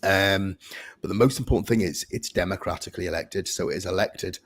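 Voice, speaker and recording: A man's voice: deep voice, a little fast, a bit bright. A man speaking as a fan trust representative, earnestly explaining on a podcast with frequent fillers. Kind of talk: podcast guest Q&A.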